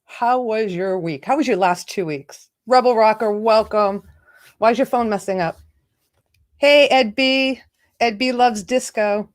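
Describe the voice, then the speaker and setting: A woman's voice: on the high side, unhurried. A woman hosting a casual livestream, greeting viewers by name and laughing often. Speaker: livestream host. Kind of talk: casual live chat.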